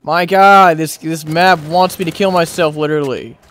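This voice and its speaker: A gamer narrates his play live, annoyed and cursing, lurching from loud outbursts to quiet muttering. His intonation stays fairly even and his pace moderate.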